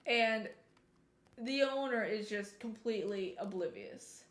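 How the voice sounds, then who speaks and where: A woman streamer telling a story in a casual, animated way while she plays, now and then breaking off to remark on the game. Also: medium pitch, a little slow. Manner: chatty, animated retelling, breaks off to comment on the game. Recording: roomy echo.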